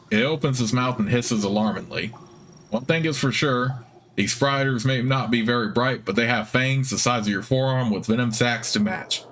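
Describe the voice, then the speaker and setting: A man's voice: medium pitch, normal speed, a little hiss or hum. Man reading game text aloud. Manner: steady narration, casual asides. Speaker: let's play host.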